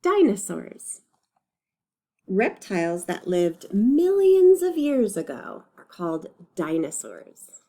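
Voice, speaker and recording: A woman teacher leads young children through a reading lesson at an unhurried pace. Her voice is mellow and soft-edged, and she speaks patiently and encouragingly, sounding out each word carefully. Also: mid-range voice, wildly swooping pitch. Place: recorded lesson video.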